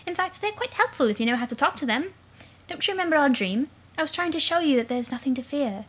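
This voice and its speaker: A woman's voice: high voice, expressive, quick pace, a bit bright. A woman voicing a bubbly teenage alien sea princess who teases with fish puns. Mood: playful. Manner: fish puns, cheery, teasing.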